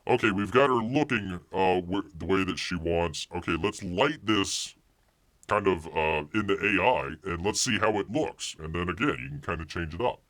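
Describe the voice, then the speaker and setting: A man's voice: low-pitched, normal speed, a bit bright. A man hosting a live stream, chatting casually, reading viewer comments aloud and rambling with repeated phrases. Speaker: live show host.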